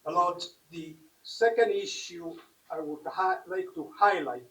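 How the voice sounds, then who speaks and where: A man argues before a court in a slow, deliberate way, leaning on key words for emphasis. His voice sits high and bright. It is heard from some distance in an echoey courtroom. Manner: deliberate, emphatic, measured phrasing. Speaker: advocate addressing the court. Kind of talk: formal legal submission. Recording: echoey room, mic at a distance.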